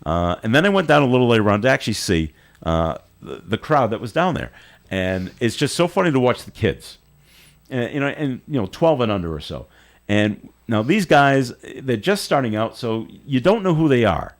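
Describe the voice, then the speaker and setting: A male radio host telling a long, animated story in a casual on-air chat, often restarting his sentences. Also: medium pitch, normal speed. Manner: rambling, animated anecdote with frequent restarts. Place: radio studio.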